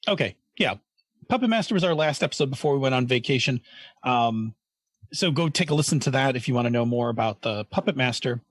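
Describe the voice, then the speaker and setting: Excitable, rambling man co-hosting a podcast. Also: medium pitch, brisk, no room sound. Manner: excitable, rambling, many fillers and restarts. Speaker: podcast co-host. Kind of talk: casual chat.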